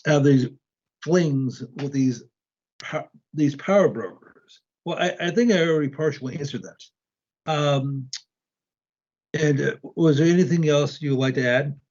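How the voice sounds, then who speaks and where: A man's voice: fairly high pitch, a little slow, darkish tone, highs cut off. A man speaking as a guest in a casual conversation, hesitant and full of restarts. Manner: hesitant, many ums and restarts.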